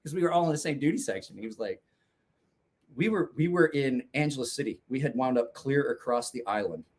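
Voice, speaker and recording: A man's voice: mid-range voice, animated, brisk, breathy edge. A man telling a rambling, profane anecdote in casual chat, laughing along. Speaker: storyteller guest.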